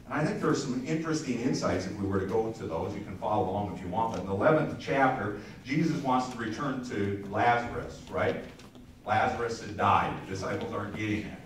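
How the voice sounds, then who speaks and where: In an echoey church sanctuary, recorded from a distance, a male pastor delivers a conversational sermon to his congregation. His voice is fairly low and a little fast, with a faint hiss or hum. He often repeats words, restarts phrases, and turns to the listeners with asides.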